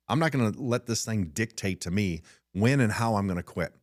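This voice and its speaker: A man's voice: fairly low pitch, lively intonation, moderate pace, dry recording, studio quality. A middle-aged man, a business owner hosting his own show, talking frankly in a casual monologue and often repeating and restarting words.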